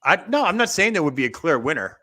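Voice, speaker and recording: Bright-voiced rambling male co-host. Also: on the high side, very animated. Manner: rambling, quick to laugh, thinks aloud. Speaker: co-host of a wrestling show. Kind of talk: casual panel chat.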